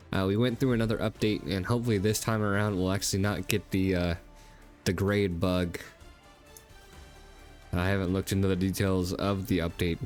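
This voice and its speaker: A man with a congested, stuffy voice talks casually over his gameplay, slightly low in pitch. He thinks aloud, dropping fillers as he goes. Faint music plays underneath. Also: darkish tone. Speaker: gaming video host.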